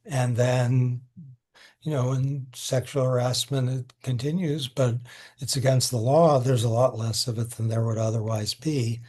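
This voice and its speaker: An older man answers interview questions with a slightly husky voice at an ordinary pitch. He talks thoughtfully, pausing and restarting, and sometimes sounds moved, over a video call. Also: little pitch movement, a little mellow. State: emotional. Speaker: interviewee, law professor.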